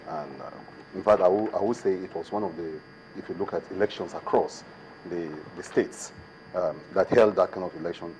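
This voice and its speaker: A man's voice: sits low, a little mellow, slight background noise, rough recording. A man, a state government commissioner, answering questions as a guest in a TV studio interview, building his case with emphatic repetitions.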